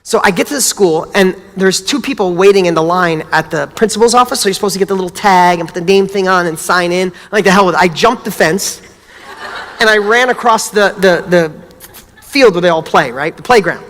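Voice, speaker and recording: Male motivational speaker, middle-aged, animated storyteller, reverberant hall sound. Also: high voice, brisk. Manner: animated storytelling, acts out dialogue. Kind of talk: motivational talk.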